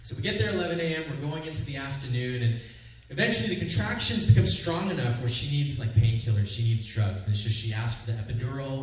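Young pastor preaching in echoey room. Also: male voice, on the high side, distant mic. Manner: lively storytelling, builds to loud peaks. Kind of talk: sermon with personal story.

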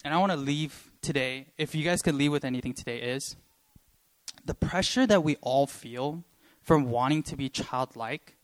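A young man giving a sermon and sharing a personal story, talking earnestly and haltingly with many pauses, choked up with emotion. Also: medium pitch. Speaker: preacher.

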